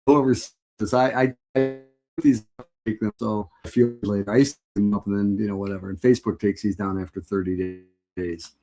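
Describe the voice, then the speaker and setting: A man's voice: fairly low pitch, fairly even intonation, normal speed. A middle-aged man chatting casually on a live stream, rambling and heartfelt, often breaking into laughter.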